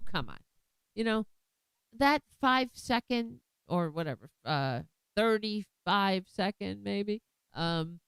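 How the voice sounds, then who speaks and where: A woman's voice: fairly low pitch, clear, resonant tone, no echo, low-quality recording. A woman hosting her own political commentary show, talking bluntly and with indignation, often restarting her sentences.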